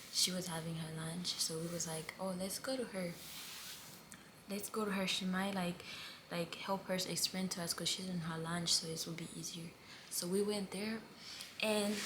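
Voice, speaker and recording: A young woman, a college student, telling a personal story in a casual vlog, speaking softly and half-whispered and rambling with many fillers. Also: mid-range voice, a little hiss or hum. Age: young adult. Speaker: student vlogger.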